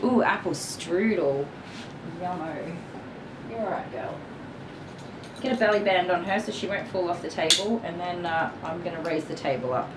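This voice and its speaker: A woman's voice: lowish voice, fairly quick, few pauses, background noise. Australian woman groomer, echoey distant room. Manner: chatty, thanking viewers and coaxing a dog gently. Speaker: dog groomer livestream host. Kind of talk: casual livestream chat. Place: indoor dog grooming room.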